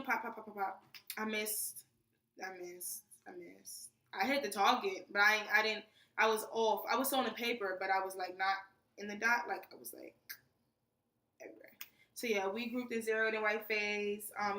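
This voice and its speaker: A young woman from New tells her training story in a casual, animated vlog, peppering her talk with "freaking". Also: medium pitch. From New York. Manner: animated, chatty, says "freaking" often. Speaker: soldier vlogger. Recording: echoey room, mic at a distance.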